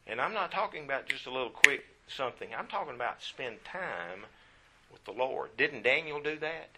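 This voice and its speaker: A man's voice: mid-range voice, sharp tone, a little hiss or hum. A man preaching a sermon in a folksy way, often repeating phrases for emphasis.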